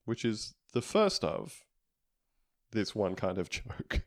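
A man's voice: fairly low pitch, big pitch swings, takes it slowly, long pauses. A man co-hosting a comedy podcast, casually recapping a TV episode with rambling jokes and lots of fillers.

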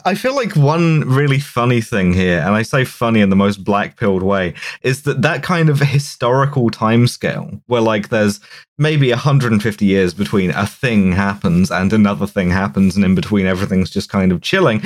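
A man's voice: on the low side, expressive, normal speed. A man co-hosting a podcast, joking sardonically in casual chat, often stammering as he restarts. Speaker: podcast co-host.

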